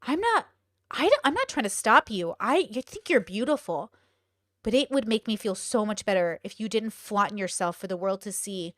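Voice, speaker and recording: A woman's voice: medium pitch, animated, normal speed, fairly bright tone, no room sound, studio quality, natural voice. A woman playing a controlling man who sweetly guilt-trips his partner in a coaxing tone. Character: soft-spoken, controlling male boyfriend pleading sweetly.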